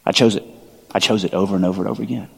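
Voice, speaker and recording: A man in his thirties preaching a sermon, telling stories in a conversational, animated way with quick asides. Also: fairly low pitch, gravelly, breathy edge. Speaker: pastor. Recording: long hall reverb.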